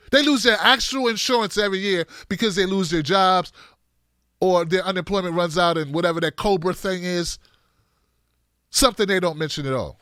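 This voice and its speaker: High, bright-voiced sarcastic male commentator. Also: no echo, clean studio sound. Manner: animated, sarcastic, emphatic. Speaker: political commentator. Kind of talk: political commentary vlog.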